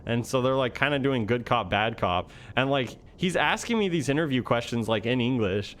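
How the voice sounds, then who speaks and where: A man's voice: medium pitch, lively intonation, normal speed, fairly bright tone, slight background noise. A young man telling a story in a casual, rambling way with many fillers. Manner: rambling, heavy use of fillers. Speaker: vlogger.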